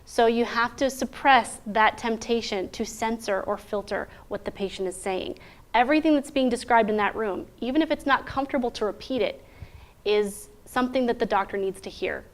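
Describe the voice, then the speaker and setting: A woman leading an interpreting lesson in a medium-pitched voice. She lays points out clearly and methodically and keeps asking rhetorical questions to make her case. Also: a little fast. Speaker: interpreter trainer. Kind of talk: instructional talk.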